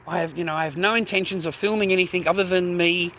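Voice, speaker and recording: A man's voice: high voice, fairly even intonation, fast, a bit bright, a little hiss or hum. An Australian man rambling casually during a walk-and-talk live stream, calling everyone "mate" and swearing now and then. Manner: chatty, rambling, peppers speech with "mate" and "bro", swears. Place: outdoors, walking along streets. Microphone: phone held while walking.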